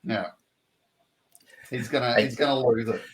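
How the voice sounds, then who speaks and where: A man's voice: medium pitch, unhurried. An Australian man hosting a casual interview over a video call, friendly and full of short replies, calling his guest mate. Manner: friendly, says mate, many short backchannels. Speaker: interviewer, channel host.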